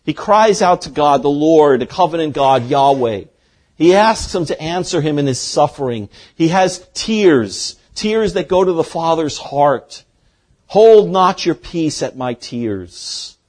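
A man preaching an expository sermon as a pastor, earnest, dropping from loud to hushed for emphasis. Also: a little high, lively intonation, a little slow.

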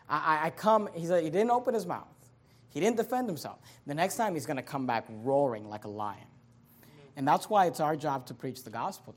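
High-voiced man preaching emphatically. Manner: emphatic preaching, swinging between loud proclamation and low asides. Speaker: pastor. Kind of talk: sermon.

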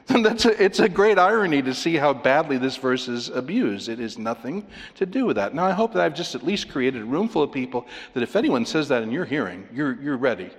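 A man preaching a sermon as a pastor, conversational and emphatic, asking rhetorical questions and chuckling now and then. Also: a little high. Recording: long hall reverb.

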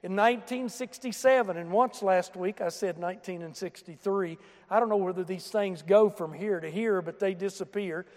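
A preacher with a strikingly high voice delivers an emphatic sermon. He drops to quiet asides, then rises to shouted emphasis. His voice rings out with the long reverb of a church hall. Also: moderate pace. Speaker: pastor. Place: church sanctuary.

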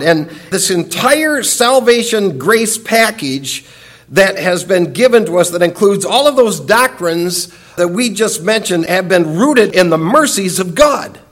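A man's voice: high-pitched, fairly bright tone. A man preaching a sermon, teaching in an earnest, emphatic way and repeating key phrases. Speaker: pastor.

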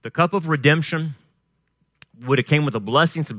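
Bright-voiced man preaching with energy. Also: fairly high pitch, brisk, no echo, clean studio sound. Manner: animated preaching, reads scripture aloud with rising emphasis. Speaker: pastor leading a Passover Seder service. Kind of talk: sermon with scripture reading.

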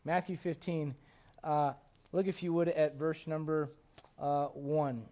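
A man's voice: fairly high pitch, fairly even intonation, takes it slowly, dark tone. A man preaching a sermon in an impassioned, conversational way, firing off rhetorical questions to his listeners.

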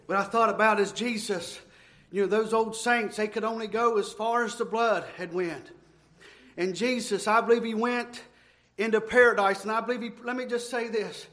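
A preacher man delivers a fiery sermon, his voice very high and cutting. He shouts in bursts and keeps running out of breath. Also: fairly even intonation, moderate pace.

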